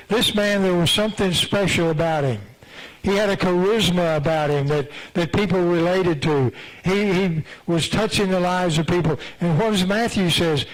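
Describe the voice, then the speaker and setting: A man's voice: high voice, low-quality recording. A man preaching a sermon in a church, conversational and repetitive, with frequent restarts. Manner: conversational, repeats phrases, many restarts. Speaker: pastor. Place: church sanctuary.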